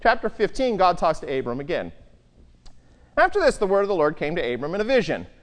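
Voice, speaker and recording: Lively Bible teacher, pitch swinging widely, quizzing the listeners, recorded in a hall with long reverb. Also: a little fast. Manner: animated, asks the listeners rhetorical questions.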